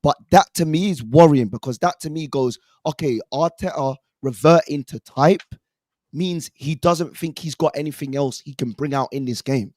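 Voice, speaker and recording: A hoarse man whose voice has cracked, a panelist reflecting on a football match. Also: a little high, moderate pace, hardly any pauses, mellow, no room sound, studio quality. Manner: apologetic, reflective, quotes his own thoughts. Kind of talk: casual football debate.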